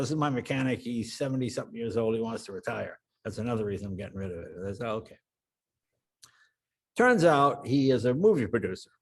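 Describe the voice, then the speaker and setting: Older man telling animated stories. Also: medium pitch. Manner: animated anecdote teller, acts out quoted voices. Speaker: guest. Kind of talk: storytelling interview.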